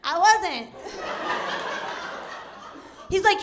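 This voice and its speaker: Woman, very high voice, unhurried delivery, giggles mid-line, stand-up set. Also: lively intonation, noisy background. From New York City. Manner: giggly, laughs through lines. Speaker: stand-up comedian. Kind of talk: stand-up routine. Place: comedy club stage.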